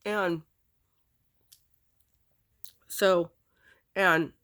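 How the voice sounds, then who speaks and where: A woman recounting a painful personal memory, halting, with many fillers and restarts. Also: fairly low pitch, steady tone, fairly bright tone. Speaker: storyteller.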